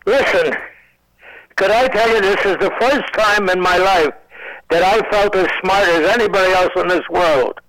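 Old guy in his 90s cracking dry jokes from home, stammers and restarts a lot, pretty high voice. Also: moderate pace, a bit bright, low-quality recording. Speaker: comedian guest. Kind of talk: joking radio interview.

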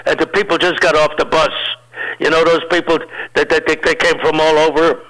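An older man, a comedian, tells rambling, lively stories in a relaxed interview. He talks with a slightly high pitch and a very bright, forceful tone. He keeps restarting his sentences as he goes. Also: fairly quick, low-quality recording. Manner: rambling, animated anecdotes with restarts. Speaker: comedian guest. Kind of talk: casual storytelling in an interview.

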